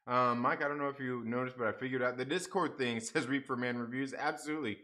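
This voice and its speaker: A young man talks loosely to his livestream audience with a bright, forward voice. He curses and mutters through a technical mix-up, then reads out viewer comments in easy, unscripted chat. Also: medium pitch, fast talker, few pauses. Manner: frustrated, swearing, laughing off a stream mix-up. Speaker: livestream host.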